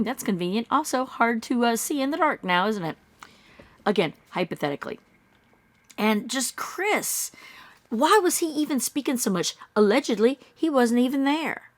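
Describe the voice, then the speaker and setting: A woman's voice: normal speed, no room sound. Skeptical woman, dry close voice. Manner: skeptical, animated, acts out quotes in high mocking tones. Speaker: true-crime commentator. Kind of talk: casual true-crime commentary.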